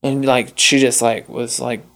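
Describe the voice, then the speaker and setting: A young man telling a personal story in casual chat, rambling with lots of fillers and swearing, jumping up in pitch to act out the people he quotes. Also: level tone, unhurried, gravelly, a bit bright. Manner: acts out quoted voices with big jumps in pitch. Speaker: podcast guest.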